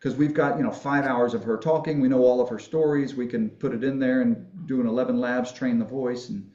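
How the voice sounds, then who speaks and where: A man's voice: mid-range voice, steady tone, brisk, dark tone, echoey room, muffled recording. A man guest on a podcast, telling folksy, rambling stories in casual conversation and laughing at his own jokes. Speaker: podcast guest, family history filmmaker.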